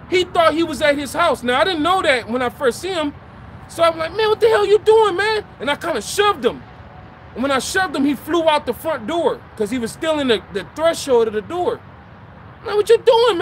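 A man with a very high voice tells an animated religious testimony as a lay preacher, swearing as he goes. He keeps calling his listeners brothers. Faint traffic hums behind him outdoors.

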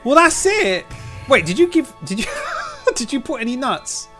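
A man streaming a fighting game, chatting casually and yelling and swearing at the game as he plays. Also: very high voice, moderate pace, soft background music. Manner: excitable, yells and swears at the game.

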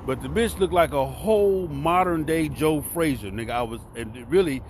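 Loud, profane fifty-one-year-old man with a Southern accent. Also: a little high, normal speed, slight background noise. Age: 50s. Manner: loud, profane, swings between shouting and mumbling. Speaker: vlogger and podcast host. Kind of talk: casual rant to camera. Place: cheap hotel room near train tracks.

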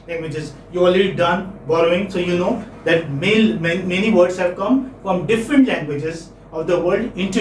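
A man teaches a class, repeating his key points and checking in with "okay?". His voice sits high. He is heard from a distance, in a classroom full of echo. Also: a little hiss or hum. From India. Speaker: lecturer. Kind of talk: classroom lecture. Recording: echoey classroom from far off.

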